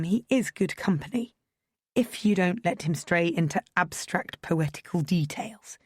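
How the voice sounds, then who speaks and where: A woman narrating a first-person audiobook in a measured, gently expressive storytelling manner, recorded on a close studio mic. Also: on the low side, no room sound.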